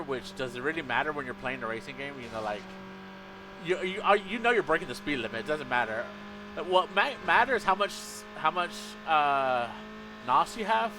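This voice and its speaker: A man streaming a game, rambling casually to his chat, often stopping to correct himself. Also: medium pitch. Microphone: headset. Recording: racing game audio loud underneath. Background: racing game engine sounds.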